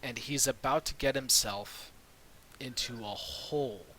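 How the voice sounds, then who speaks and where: A man voicing a very old, quiet male elf traveler who speaks slowly and cryptically over a video call mic. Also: mid-range voice, a little hiss or hum, close to an everyday voice, rough recording. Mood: cryptic. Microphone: video call microphone.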